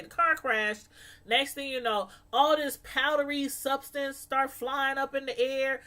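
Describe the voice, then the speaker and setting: A woman with a somewhat high voice talks through a TV episode in a relaxed, chatty recap. She gets animated and acts out what the characters said. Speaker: TV show recap host.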